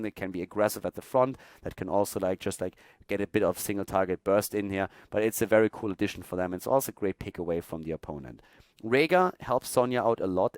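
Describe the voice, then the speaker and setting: A man commentating an esports replay, breaking down team picks in an analytical, animated way with casual fillers. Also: on the low side, no room sound.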